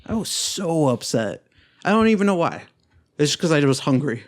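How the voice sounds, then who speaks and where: A man in his twenties co-hosting a casual podcast chat, telling stories in a profane, animated way. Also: on the high side, moderate pace. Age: 20s. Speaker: podcast co-host.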